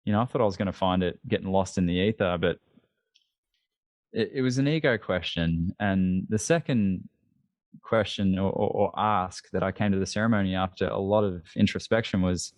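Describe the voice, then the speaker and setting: A man in his thirties, a podcast guest, telling a long personal story in a candid, animated way with many restarts. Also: sits low, moderate pace, dry recording. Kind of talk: storytelling interview.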